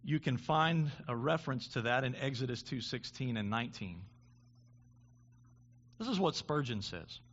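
A man's voice: mid-range voice, animated, a bit bright, husky. Man preaching a sermon, lo-fi. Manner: halting restarts, builds to impassioned preaching. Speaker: pastor.

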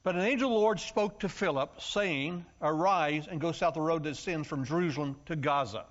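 Man preaching, folksy storytelling, slightly raised pitch, muffled lo-fi sound. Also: fairly quick. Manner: storytelling, folksy and animated, acts out shouting congregants. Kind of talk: sermon. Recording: muffled low-fidelity sound.

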